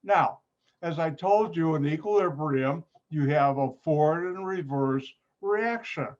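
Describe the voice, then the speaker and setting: A man teaching an online chemistry lab, unhurried and breaking his sentences up with pauses. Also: fairly high pitch, darkish tone. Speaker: chemistry instructor. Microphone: computer mic on a video call. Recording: dull, muffled video-call audio.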